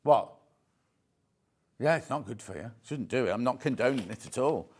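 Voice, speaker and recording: Chatty British shopping-channel presenter, lively pitch. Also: male voice, moderate pace, slight background noise. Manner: chatty, jokey, repeats prices. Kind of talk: live TV sales pitch. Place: TV studio.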